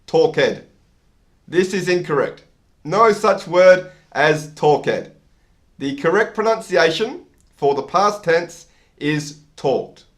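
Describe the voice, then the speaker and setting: A male English teacher walks learners through a vocabulary lesson with a slightly raised voice. He talks at an unhurried pace and leans on each example word so it is easy to follow. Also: a little high. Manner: slow, careful, stresses words to teach them.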